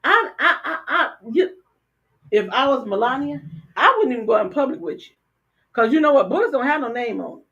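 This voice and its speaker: An older woman co-hosting a casual talk show, blunt and animated, often stammering and repeating words. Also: high voice, a little fast. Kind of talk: casual political chat. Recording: dull lo-fi stream audio.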